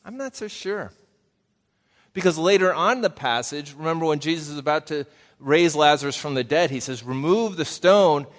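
A man's voice: fairly high pitch, a little fast. A man preaching a conversational Bible teaching, folksy and talking straight to his listeners with questions. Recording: long reverb of a large hall.

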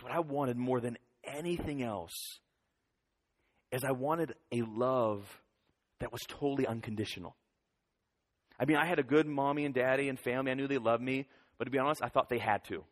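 A man in his thirties giving a lively children's sermon, leading the kids in call-and-response. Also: mid-range voice. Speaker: children's pastor. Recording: long hall reverb.

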